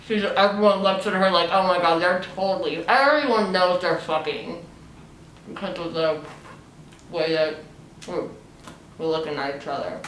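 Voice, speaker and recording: Young woman, mouth full of marshmallows, slow unhurried delivery, blunt and swearing, recorded in an echoey room. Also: lowish voice, a bit bright, a little hiss or hum. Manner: blunt, swears freely, rambling. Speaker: host. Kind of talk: casual episode recap. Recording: echoey room, distant mic.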